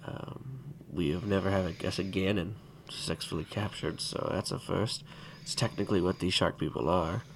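A man's voice: sits low, gravelly, a little hiss or hum. A man running a tabletop role-playing game as game master, explaining and narrating in a loose, rambling way full of fillers and asides. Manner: rambling, filler-heavy explaining with frequent laughs.

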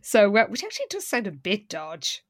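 A woman's voice: medium pitch, wildly swooping pitch, normal speed, no room sound. A woman co-hosting a podcast, recapping an episode in casual chat with dry, wry remarks. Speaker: podcast co-host.

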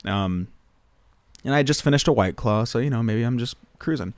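A man's voice: medium pitch, moderate pace, no echo. A man, a guest pop singer, telling a casual rambling story full of filler words into a close mic.

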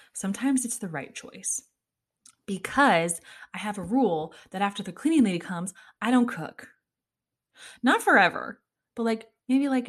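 A young woman hosting a casual solo podcast, chatting and ranting with exasperation, laughing often and swearing casually. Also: lowish voice. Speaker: podcast host.

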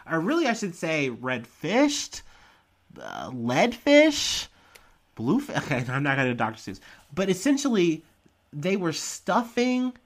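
Rambling man hosting a podcast. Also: fairly high pitch. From Ohio. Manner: rambling, profane, with frequent fillers and laughs. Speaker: podcast host. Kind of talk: casual news commentary.

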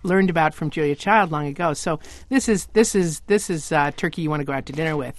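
A woman's voice: sits low, quick pace, dry recording. A woman restaurant owner chats eagerly on a call-in radio show. She speaks enthusiastically and is full of praise for her food. Her voice sounds dry and close. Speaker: restaurant owner, studio guest. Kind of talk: radio interview chat.

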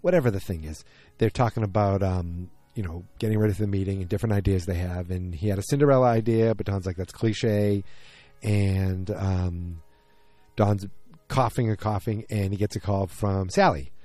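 A man with a fairly low, mellow voice talks through a TV episode in a loose, rambling way. He trips over details, backtracks and slips into quick impressions of the characters. The sound is dry and close. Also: no room sound, faint music behind. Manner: rambling, self-correcting, acts out quotes. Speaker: TV episode recapper. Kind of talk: casual spoken recap. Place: outdoors.

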